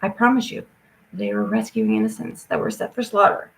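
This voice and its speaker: A woman's voice: fairly high pitch, creaky, fairly bright tone, rough recording. A woman talking straight to her audience in an agitated, rambling rant, swearing often and jumping from point to point.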